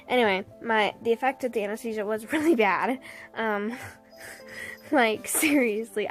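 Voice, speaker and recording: A woman's voice: on the high side, fairly bright tone. A young woman casually telling a personal story to the camera, laughing often and acting out what people said.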